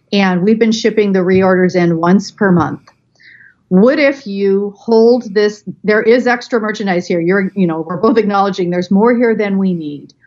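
A woman guest on a podcast interview, telling a work story in a chatty, animated way. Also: mid-range voice, dull audio. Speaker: guest, business consultant.

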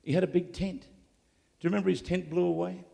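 A man preaching live to a congregation, moving between hushed storytelling and loud, shouted declarations. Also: sits high, fairly even intonation, fast talker, vocal fry, big-room sound. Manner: swings from quiet storytelling to shouted exclamations. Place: large hall, live event.

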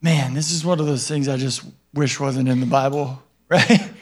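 In a steady, mid-range voice at normal speed, a male pastor preaches conversationally, often checking in with the congregation by asking questions and adding "right?" to his lines. When telling stories, he voices God and other people more energetically.

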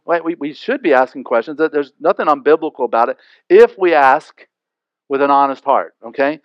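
A man preaching a sermon in a loose, chatty way that keeps checking in with his listeners. His voice sits a little high for a man. The recording sounds slightly dull and very dry. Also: brisk, no echo. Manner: conversational, with frequent asides and rhetorical questions. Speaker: pastor.

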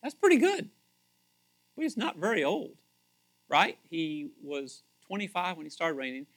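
A male pastor delivering a sermon in a casual, talkative way, his voice sitting a little higher than most men's. He repeats phrases as he thinks aloud, pushing some words out loudly and dropping others to a hush. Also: normal speed. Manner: conversational, animated preaching with frequent repetitions; swings between loud emphasis and hushed asides.

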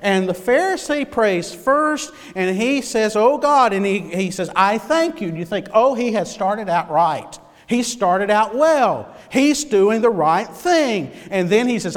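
A male pastor preaching a sermon, swinging between loud emphasis and hushed, near-whispered lines. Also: high-pitched, big pitch swings, a little slow, in a large hall.

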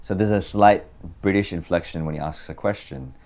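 A man co-hosting a casual podcast, telling stories with animated delivery. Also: deep voice, brisk. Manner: animated storyteller, puts on accents when quoting. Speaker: podcast co-host. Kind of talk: casual chat.

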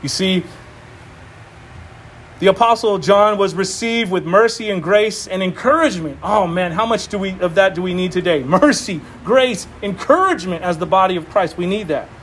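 Male pastor, sermon; high-pitched, excitable, stammers and laughs, faint room noise. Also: a little fast, few pauses.

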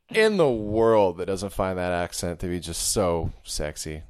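A chatty man with a fairly low voice, joking his way through casual podcast banter as a co-host. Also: big pitch swings, slow, a little mellow, clear, resonant tone. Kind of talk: casual chat.

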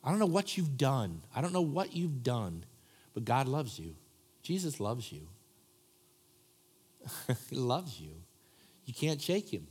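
A man preaching a sermon as pastor, talking conversationally and swinging from loud asides to soft, hushed prayer. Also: medium pitch, sing-song, measured pace, long pauses, husky. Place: church sanctuary.

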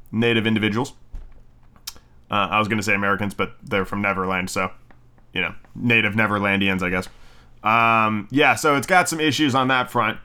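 A man's voice: lowish voice, sharp tone, clear, resonant tone. A man hosting a podcast, chatting through a movie review in a rambling, profane way, full of ums and restarts. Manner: jokey, does mocking voices of characters. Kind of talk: casual solo review chat.

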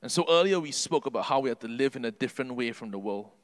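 A man preaching a sermon earnestly, building to emphatic peaks and then dropping his voice low. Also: expressive, fast talker. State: can't sing due to covid.

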